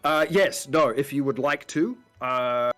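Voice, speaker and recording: A man's voice: mid-range voice, a little slow, a bit bright, soft background music, close to an everyday voice. A man voicing an adult male captain of a town guard who hedges and over-explains everything, in a tabletop game. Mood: explaining.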